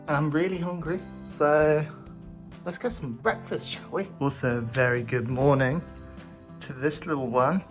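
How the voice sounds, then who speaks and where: A man talking casually to camera in a vlog, thinking out loud in a chatty, easygoing way. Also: a little high, measured pace, soft background music. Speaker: vlogger.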